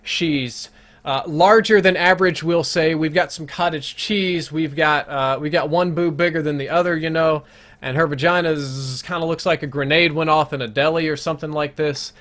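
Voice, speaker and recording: A man's voice: a little high, steady tone, normal speed, fairly bright tone. A man streaming live gameplay, telling a long crude story in a rambling, self-interrupting way. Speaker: gaming streamer.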